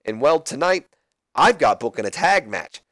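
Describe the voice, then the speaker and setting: A man's voice: a little high, big pitch swings, moderate pace, a bit bright, no echo, voice pushed up, full character voice. A man voicing an eager, awkward male wrestler who speaks in a hesitant, overly friendly way.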